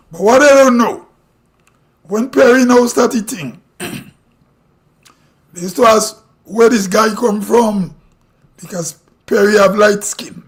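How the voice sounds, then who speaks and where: Live-stream host, Grenadian man, very high voice, blunt opinionated rant. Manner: blunt, ranting, rhetorical questions. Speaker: livestream host. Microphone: streaming mic.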